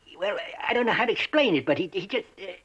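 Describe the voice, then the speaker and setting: A man's voice: sits high, animated, fast talker, a bit bright, husky, heavily acted. Giggly backwoods man. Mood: folksy. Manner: rustic grammar, chuckles, stammers. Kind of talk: 1960s TV western acting. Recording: muffled old TV soundtrack.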